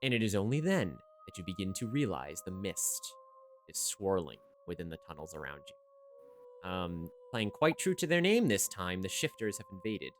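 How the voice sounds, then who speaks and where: A man narrating a live tabletop game as game master, filling pauses with many ums. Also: low voice, sing-song, faint music behind.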